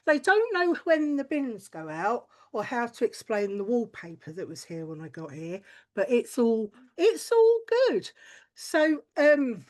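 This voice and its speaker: A woman performing a stand-up comedy set, blunt and crude, with chatty tangents and frequent swearing. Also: mid-range voice.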